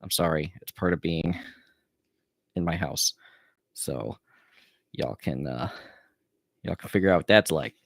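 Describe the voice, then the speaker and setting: A man with a very deep voice talks casually on a live stream from home. He speaks quickly and drops into mumbled asides. The recording is dry and close. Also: dry recording. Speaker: author reading his own novel.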